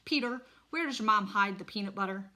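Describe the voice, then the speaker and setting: A woman's voice: medium pitch, a little fast, sharp tone. A woman voicing a cheerful, proud father who talks in a hearty, coaxing way. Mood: firm. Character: cheerful, proud father cooking for his sons.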